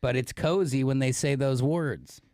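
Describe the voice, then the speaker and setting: A man's voice: medium pitch, normal speed, mellow, dry recording, clean studio sound. A man co-hosting a radio show, teasing and wisecracking in casual chat. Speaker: radio co-host.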